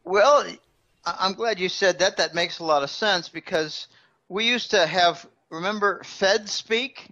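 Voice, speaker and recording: A man's voice: sits high, unhurried, pushed and bright, lo-fi sound. A man as a guest financial analyst, explaining markets in a conversational interview with everyday analogies.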